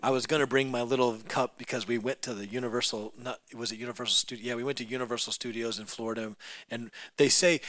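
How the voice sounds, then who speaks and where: A man preaching a sermon in a church, telling a story with lively acted-out voices that rise to loud peaks. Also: mid-range voice, fast talker, dry recording.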